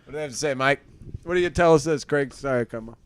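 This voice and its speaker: A man's voice: medium pitch, fast talker. Man, podcast co-host, crude improv banter, laughs a lot, faint background noise. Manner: loose, laughing, breaks into bits and whispers. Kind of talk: crude, joking improv chat.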